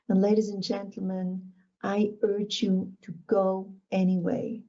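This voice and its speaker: A woman's voice: mid-range voice, flat delivery, unhurried, mellow, muffled recording. A woman giving a motivational keynote talk, emphatic and repeating her key phrases. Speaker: motivational speaker.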